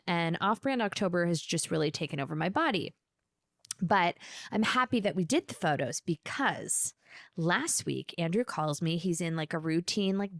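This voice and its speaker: A woman's voice: fairly low pitch, no echo, clean studio sound. A woman in her thirties hosting a solo podcast, telling a funny story with swearing and playful impressions of the people in it. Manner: animated, profane, mimics people in quoted bits. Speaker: podcast host.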